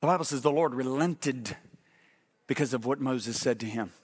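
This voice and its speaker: A middle-aged man preaching a sermon, animated and often asking the congregation if they follow him. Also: mid-range voice, normal speed, slightly rough.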